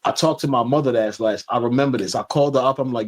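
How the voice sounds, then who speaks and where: A man telling a long, lively anecdote and acting out the dialogue. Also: on the low side, fast talker, few pauses, slightly rough. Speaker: interview guest. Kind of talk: casual storytelling.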